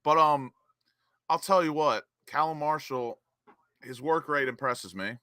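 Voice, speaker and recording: A young man hosts a live football watch-along stream. His voice is bright and forward, and the sound is close and dry. He chats with viewers, then bursts into excitement whenever the play picks up. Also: a little high, unhurried, no room sound. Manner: excitable, reads chat names and cheers goals.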